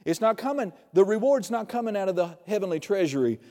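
Joking preacher in an echoing hall. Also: male voice, high-pitched, very animated, fast talker. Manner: conversational, joking preaching with sudden loud bursts. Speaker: pastor. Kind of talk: sermon. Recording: long reverb of a large hall.

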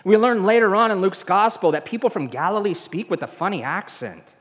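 This man speaks with a Southern accent and sits high in pitch, animated, brisk, and a little bright, his sound filling a large hall. He's a pastor from the American South, asking his congregation questions during a conversational sermon in the church sanctuary.

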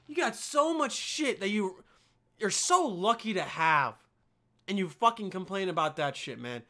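Young man, high voice, bright tone, casual podcast rant, profane, keeps saying dude. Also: normal speed. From Bosnia. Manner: profane, animated, calls listeners dude and man. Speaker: podcast host.

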